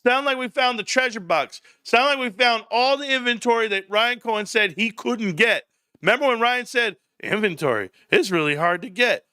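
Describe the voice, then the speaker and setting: A man hosting a stock livestream, excitable and profane, often laughing and shouting. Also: very high-pitched, moderate pace, smooth, dry recording, studio quality. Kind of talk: livestream commentary.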